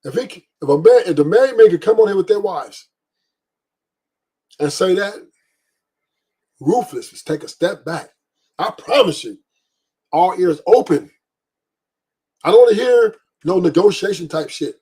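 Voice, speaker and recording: Blunt, husky-voiced man ranting. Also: high-pitched, expressive, unhurried, pauses often, warm tone. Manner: blunt, profane, emphatic repetition. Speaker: podcast host. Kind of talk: livestream commentary rant.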